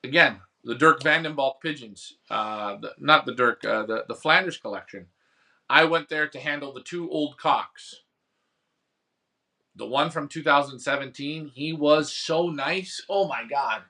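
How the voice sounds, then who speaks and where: A man's voice: medium pitch, a little slow, creaky, sharp tone. A man hosting a pigeon racing show, telling a rambling story about an auction and answering viewer comments in casual chat. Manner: rambling storytelling, acts out phone bids. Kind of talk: casual live-stream chat.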